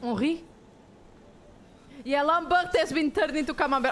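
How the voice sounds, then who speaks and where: Lady streamer reacting to a horror game, high voice, jokey and sweary. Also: unhurried, a little hiss or hum. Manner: excitable, jokey, swears a lot. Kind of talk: casual live-stream commentary.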